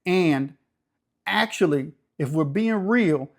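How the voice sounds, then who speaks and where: A man's voice: fairly high pitch, expressive, takes it slowly, creaky. A man from the New Orleans area with a local accent, hosting a casual, blunt, streetwise monologue. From New Orleans area, Louisiana. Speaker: YouTube channel host.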